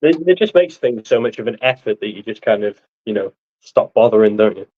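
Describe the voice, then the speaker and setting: A man's voice: lowish voice, lively intonation, a little fast, phone-quality sound. A man in casual livestream chat who sounds sympathetic and reassuring as he responds to his guest.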